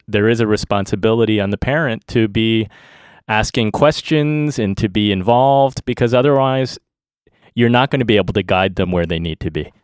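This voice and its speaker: Low, smooth-voiced male host. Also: dry recording, studio quality. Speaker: podcast host. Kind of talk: interviewing.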